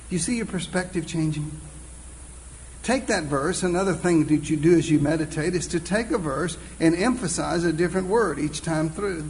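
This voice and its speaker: A man preaching a sermon, earnest and exclaiming, reading scripture slowly and deliberately. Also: on the high side, darkish tone, slight background noise, rough recording.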